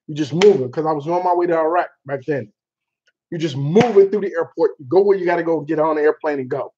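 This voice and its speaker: A man hosting a casual chat show, telling a story in an animated way with laughter and mild cursing. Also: high voice, slightly rough. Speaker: show host. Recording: dull lo-fi sound.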